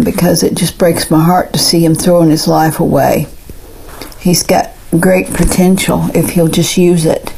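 Older woman caller, gravelly and husky, earnest plea, fairly flat delivery. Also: on the low side, rough recording. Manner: earnest, pleading. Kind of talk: call-in prayer request.

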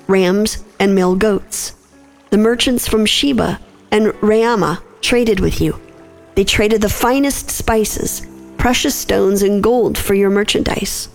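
A woman reads scripture and leads a prayer at a slow, deliberate pace. Her voice carries a gravelly rasp, and faint music plays underneath her reverent words. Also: medium pitch. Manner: slow, measured, reverent delivery. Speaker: scripture reader and prayer leader. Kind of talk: scripture reading and spoken prayer.

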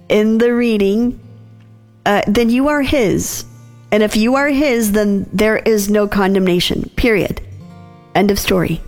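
Slow, soft-spoken woman devotional host. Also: medium pitch. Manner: unhurried, soft, with pauses and small laughs. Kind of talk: gentle devotional reflection.

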